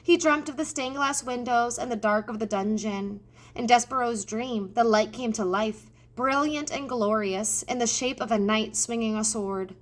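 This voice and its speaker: Brief: female storybook narrator, expressive, slightly high voice. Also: moderate pace. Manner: expressive, addressing the reader. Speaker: audiobook reader.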